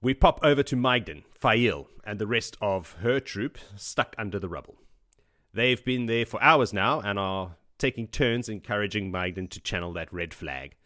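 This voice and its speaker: Recapping a book chapter after chapter, a male podcast host jokes, chats and laughs often in a casual way. His lowish voice is animated and fairly bright at a moderate pace, and the recording is dry and studio quality.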